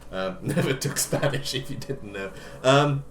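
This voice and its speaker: A man's voice: medium pitch, unhurried, slight background noise. A man co-hosting a podcast, telling a long comic story in a rambling way with fillers and jokey asides. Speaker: podcast co-host. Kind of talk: casual comedic storytelling. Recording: roomy echo.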